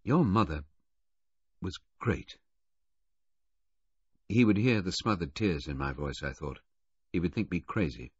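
A man narrating a novel in the first person, measured and expressive. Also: sits low, slightly rough, no room sound, dull audio. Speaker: audiobook narrator.

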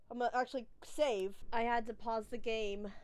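A young woman playing a horror game and commenting on it, excitable and nervous, swearing often. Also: a little high, moderate pace, smooth. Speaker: gaming video creator.

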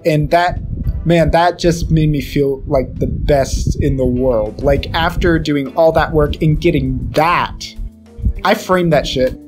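A man's voice: on the high side, slow pace, soft background music. Rambling young man scatting tunes. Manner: rambling, scatting melodies as he talks. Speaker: podcast co-host. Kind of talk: casual chat.

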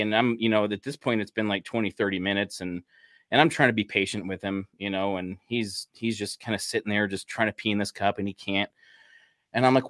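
This is a man with a low voice telling stories from his police work in a loose, easygoing chat. He leans on "you know" again and again and laughs at his own tales. The sound is dry and close. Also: steady tone, fairly quick, a bit bright, dry recording. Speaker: podcast host, police officer. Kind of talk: casual storytelling chat.

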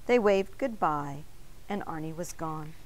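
A woman teacher reading a picture book aloud in an expressive storytelling manner. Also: deep voice, a little slow, a little hiss or hum.

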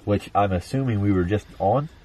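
A man's voice: fairly low pitch, fairly quick, crowd noise. A man vlogging outdoors at night, talking nervously and swearing about strange sounds. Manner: nervous, swearing, hushed then loud. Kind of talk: casual chat.

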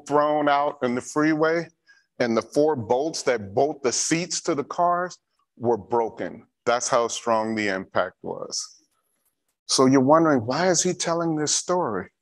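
Slow, emphatic male safety trainer. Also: mid-range voice, animated. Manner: emphatic, repeats key instructions. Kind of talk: training talk with a personal story.

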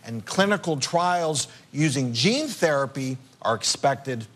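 A man's voice: mid-range voice, expressive, measured pace, fairly bright tone. A man co-hosting a TV talk show, chatting in an upbeat, conversational way. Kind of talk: studio talk.

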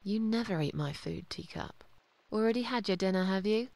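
An actress playing a weary, bitter cat lady, low and brooding. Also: normal speed, vocal fry, a little mellow, lightly acted.

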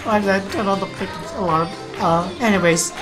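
A woman hosting a casual reaction video, excitable and swearing freely. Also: medium pitch, brisk, music in the background.

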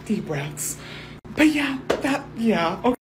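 A young woman vlogging quietly from a dorm room on her phone, embarrassed and cursing as she rambles. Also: on the high side, very animated, slow, crowd noise. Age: young adult. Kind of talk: hushed casual vlog.

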